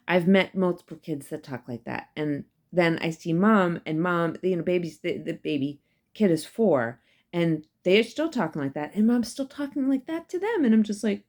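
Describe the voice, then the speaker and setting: Female professor with a low voice, conversational lecture, emphatic with lots of fillers. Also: expressive, moderate pace, darkish tone. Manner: chatty and emphatic, many fillers and asides. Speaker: psychology professor. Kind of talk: casual recorded lecture.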